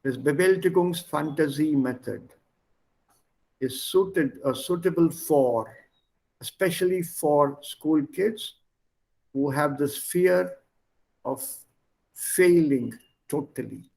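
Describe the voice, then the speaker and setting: A man teaches an online language class over a video call. His voice sits a little high and he speaks slowly, going through the words one by one and moving between languages as he explains. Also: creaky, darkish tone. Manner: slow, explains word by word, switches between languages.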